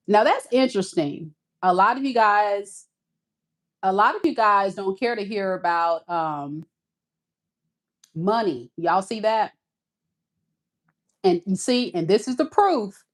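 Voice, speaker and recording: A woman's voice: medium pitch, animated, takes it slowly, pauses often. A woman hosting a tarot live stream, talking to viewers in a folksy, casual way and calling them y'all.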